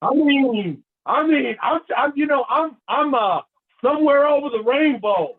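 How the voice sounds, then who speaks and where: High-voiced motivational man on a tinny line. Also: unhurried. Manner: animated, preacherly, storytelling with call and response. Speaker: motivational speaker. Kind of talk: motivational talk. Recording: tinny phone-line sound.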